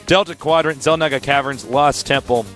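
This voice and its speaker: A man's voice: medium pitch, normal speed, a bit bright, faint music behind. A man casting a live esports match with playful jokes and play-by-play that speeds up in tense moments. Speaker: esports commentator. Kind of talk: live game commentary.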